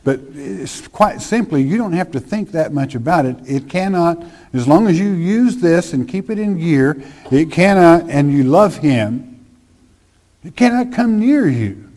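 A man preaching a sermon in a slow, conversational way, reading scripture with emphasis. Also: fairly high pitch, big pitch swings, mellow.

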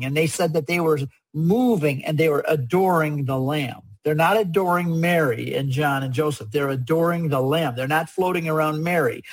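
Husky-voiced man explaining earnestly. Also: fairly high pitch, rough recording. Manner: earnest, emphatic, repeats key points. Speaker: guest speaker on religious art. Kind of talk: conversational explanation.

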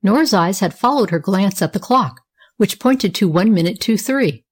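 A woman narrating a children's storybook with a lively, expressive reading. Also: medium pitch, moderate pace, breathy edge.

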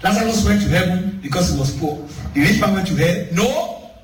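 Lively preacher in an echoey hall. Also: male voice, sits high, brisk, a little hiss or hum. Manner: animated storytelling, laughing asides. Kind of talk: sermon. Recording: roomy hall, distant mic, faint music.

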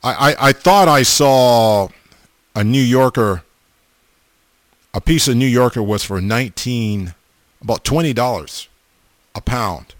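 A middle-aged man casually chatting as a host, reading viewer comments in a folksy, animated way, often repeating himself. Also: medium pitch, no echo. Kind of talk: casual chat.

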